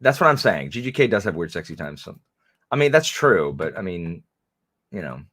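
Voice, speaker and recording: A man co-hosting a livestream in easy, rambling chat, full of restarts and quick laughs. His voice is bright and forward, and his pitch leaps around as he talks. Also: very animated. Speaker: co-host of a book channel livestream.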